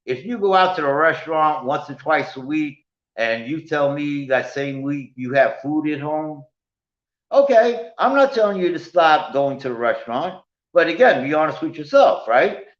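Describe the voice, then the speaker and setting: A man giving a finance lecture from slides, often calling out to "ladies and gentlemen" and checking in with "right?". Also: a little high, moderate pace. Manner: animated, keeps addressing "ladies and gentlemen" and asking "right?". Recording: echoey room, dull lo-fi sound.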